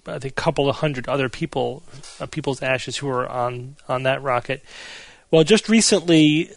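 A man hosting a casual news chat, his mid-pitched voice steady as he guides the segments. The sound is dry and close, with no room around it. He drops in relaxed asides between items. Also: no room sound. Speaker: podcast host.

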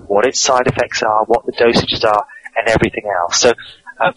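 A man, a guest author, answering interview questions in a measured, explanatory way, often repeating words as he goes. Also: medium pitch, fairly bright tone, poor audio.

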